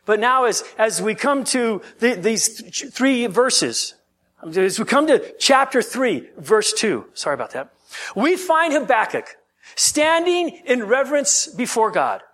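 A man preaching a sermon, reading scripture slowly and then talking it through in a conversational way with frequent restarts. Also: very high voice, a bit bright. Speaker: pastor.

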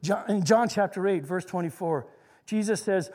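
A man with a high voice delivers a sermon in an earnest, plainspoken way. He slows his words down to lean on the lines he wants to land. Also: a little mellow, big-room sound. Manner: earnest, slows down to stress scripture. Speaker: preacher.

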